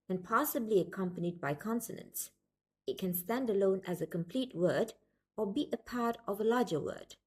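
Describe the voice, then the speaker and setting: Woman lecturer, lowish husky voice, measured scripted narration. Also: a little mellow. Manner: measured, explanatory.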